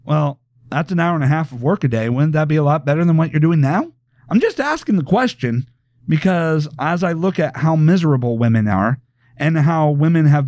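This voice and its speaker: A man's voice: fairly high pitch, darkish tone, no room sound, clean studio sound. A man hosting a podcast, lecturing his listeners in a provocative way and firing rhetorical questions at them. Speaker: podcast host. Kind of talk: opinionated podcast monologue.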